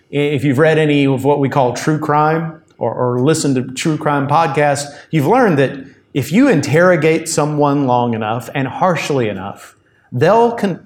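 A man preaching a sermon in a conversational, explanatory way, full of asides. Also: a little high. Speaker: pastor.

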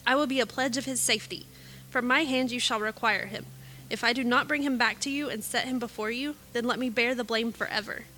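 A woman reading the lines of an earnest adult brother pledging to protect the youngest, in a measured way. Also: on the high side, steady tone, bright, forceful tone, slight background noise.

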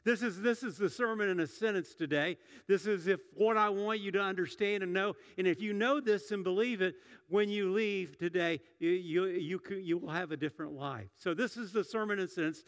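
Speaking a little fast in a high voice, a middle-aged pastor delivers a sermon in a conversational style, restarting often and repeating words. Long hall reverb from the church sanctuary colors the recording.

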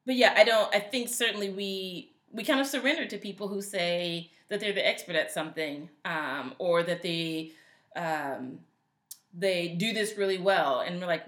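A woman's voice: on the low side, moderate pace, a bit bright, roomy sound. A woman co-hosting a casual podcast chat, speaking in a definitive, confident way with easy laughs. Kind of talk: casual conversation.

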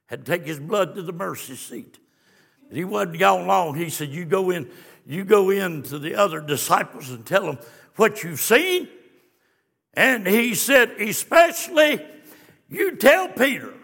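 Gravelly high-voiced preacher in a hall. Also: male voice, animated, a little slow. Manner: swings from hushed storytelling to shouted exclamations. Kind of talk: fiery sermon. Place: church sanctuary. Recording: long church reverb.

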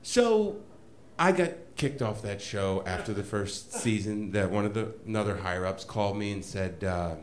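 A man telling a comedic story to a live audience, animated and self-mocking, laughing often as he goes. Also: on the low side, moderate pace.

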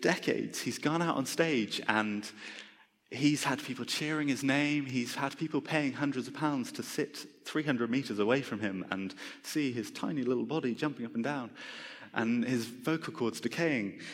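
A man preaching a sermon in a chatty, self-mocking tone, his voice sitting at an ordinary middle pitch. The long reverb of a large hall trails after his words. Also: normal speed. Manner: conversational, self-deprecating humour.

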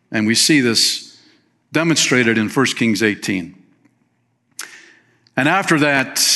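Man preaching a lively sermon. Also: mid-range voice. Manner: reads scripture aloud and comments with lively emphasis; folksy, uses fillers and plain phrases. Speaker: pastor.

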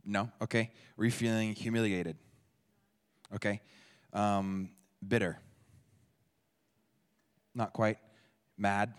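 Slowly and with frequent pauses, a man with a low, clean voice leads an informal teaching talk in a church, asking the audience questions and repeating what they say. The recording has a long reverb from a large hall.

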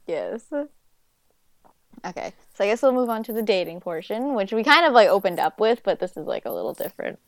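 A young woman with a New York accent co-hosting a casual debate podcast, teasing and quick to giggle. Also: mid-range voice, lively intonation, dry recording. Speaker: podcast co-host.

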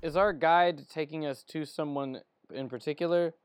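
A man's voice: fairly high pitch, fairly even intonation, normal speed, smooth. A man playing a tabletop game, speaking casually with slight hesitations. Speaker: player. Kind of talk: casual in-character play.

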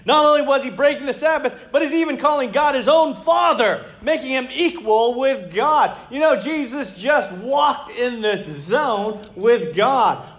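Man, pastor, sermon, high-pitched, animated, rhetorical questions, conversational. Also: unhurried, few pauses.

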